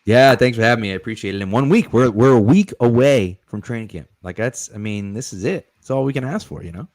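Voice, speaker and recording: An American man appearing as a podcast guest, chatting in an animated way with exasperated asides. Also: mid-range voice, fast. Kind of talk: casual podcast chat.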